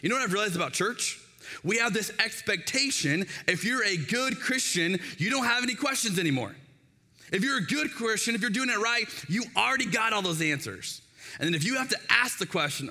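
With a high, brisk voice, a man in his thirties preaches as pastor, animatedly telling stories and imitating the people in them. His words ring out in a long hall reverb.

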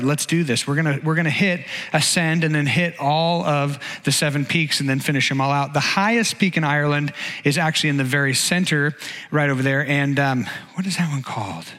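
A middle-aged man, giving a sermon as a conversational, animated story, often restarting his sentences. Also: on the high side. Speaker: pastor giving a message. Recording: long hall reverb.

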